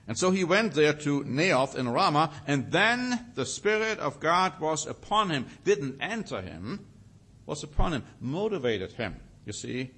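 A man teaching a sermon, reading scripture with rising emphasis and slowing down to stress single words. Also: on the high side, big pitch swings, fairly bright tone, breathy edge. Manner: reads scripture aloud with rising emphasis, then comments. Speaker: preacher.

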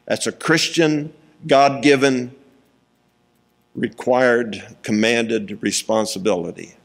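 With vocal fry in a fairly low voice, this preacher delivers a sermon, taking scripture at a slow, deliberate pace. Between his points he chuckles, and he leaves pauses for emphasis.

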